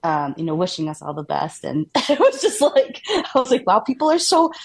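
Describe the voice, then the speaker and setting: A woman's voice: deep voice, huge pitch swings, moderate pace, gravelly, darkish tone, breathy edge. A woman from Minnesota with a Minnesotan accent, co-hosting a podcast in casual, upbeat chat, laughing often. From Minnesota, USA. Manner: chatty and upbeat, laughs often, many "like" fillers. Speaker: podcast co-host.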